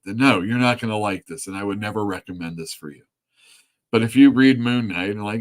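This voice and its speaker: A man who owns a comic store, chatting loosely on a live stream, rambling and swearing casually. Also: fairly low pitch. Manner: chatty and rambling, swears freely, quick laughs. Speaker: comic store owner and show host.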